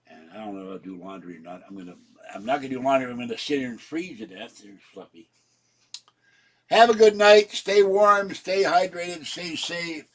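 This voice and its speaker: He has a husky, fairly low voice. The vlogger rants his way through a rambling monologue at home indoors, often bursting into laughter.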